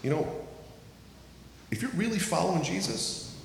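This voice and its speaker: A man preaching a sermon, earnest and deliberate, slowing down to stress key words and reading scripture aloud. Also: a little high, very animated, vocal fry, a little hiss or hum. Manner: earnest, reads scripture aloud, slows for emphasis. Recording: echoey hall with faint ambience.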